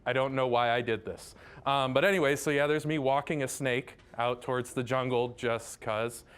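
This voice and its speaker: A man's voice: mid-range voice, fairly even intonation, normal speed, a bit bright, clear, resonant tone. Male math professor from Southern California giving an upbeat, self-deprecating talk to a general audience. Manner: chatty, enthusiastic, self-deprecating, many "right?" asides. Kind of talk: public lecture.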